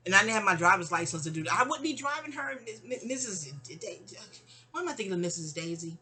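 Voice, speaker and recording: A woman, telling a personal story in an animated, digressive, sassy way. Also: medium pitch, fast, faint music behind. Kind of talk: casual storytime monologue.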